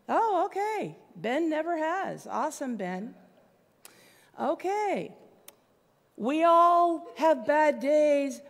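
A woman with a high voice preaches to her congregation. She talks in a conversational, plainspoken way, and her words ring out with a long reverb through the church hall. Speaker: pastor. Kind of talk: sermon. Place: church sanctuary.

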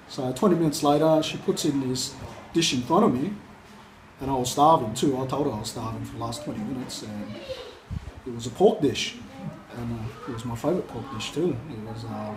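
An Australian man casually telling a personal story and acting out the voices of the people in it. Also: mid-range voice. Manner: animated retelling, acts out quoted voices. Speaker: guest telling his conversion story. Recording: echoey room, mic far off, noisy.

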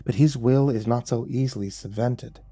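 A man voicing a gentle male angel messenger, speaking softly, solemnly and slowly in a dark, husky voice. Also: mid-range voice, faint music behind. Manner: soft, solemn, slow and pleading.

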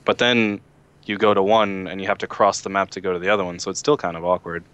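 A man with a deep, low voice talks through game strategy in a relaxed, measured way. He sounds like a co-host on a casual gaming podcast chat. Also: clear, resonant tone.

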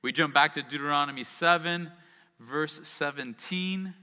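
A man with a fairly high, bright, forceful voice preaches a sermon, moving between scripture reading and chatty asides full of rhetorical questions. His voice carries a long reverb, as if heard through a church hall. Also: measured pace, clean tone. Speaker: pastor.

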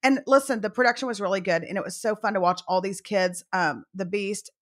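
A woman's voice: mid-range voice, fairly quick. A middle-aged woman co-hosting a podcast, chatting casually with a playful, comic delivery. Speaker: podcast co-host. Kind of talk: casual chat.

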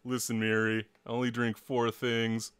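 A man's voice: medium pitch, completely flat delivery, normal speed, fairly bright tone, clear, resonant tone, no room sound, natural voice. A man voicing a haughty, glamorous gorgon queen with a drawling, dismissive delivery.

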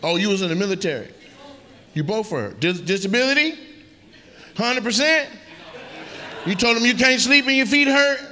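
The stand-up's high voice has lively intonation and a moderate pace, broken by long pauses. He does brash, profane crowd work, teasing people in the audience at a comedy club. Loud laughter rings through the live recording.

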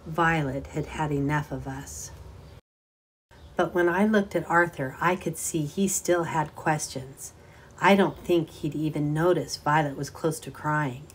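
Low-voiced woman reading a novel aloud. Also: a little slow, a little hiss or hum. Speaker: audiobook reader.

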